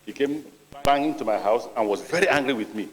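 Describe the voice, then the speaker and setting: A middle-aged Nigerian man speaks at a formal hearing, measured and deliberate, and often drifts into personal stories. His voice sits at an ordinary pitch for a man. A large chamber gives it a long, trailing reverb. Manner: deliberate, measured, with storytelling asides. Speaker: ministerial nominee before a senate. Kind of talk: answering questions at a formal hearing.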